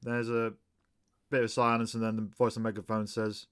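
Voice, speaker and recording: A man narrating as game master of a tabletop game, relaxed and full of fillers. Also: on the low side, moderate pace, pauses often, clean tone.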